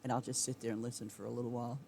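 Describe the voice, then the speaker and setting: A woman's voice: rumbling low, level tone, very fast, creaky, a little mellow, slight background noise. A middle-aged woman streaming a game and chatting casually with her viewers, rambling and often breaking into giggles. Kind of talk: casual chat with viewers while gaming.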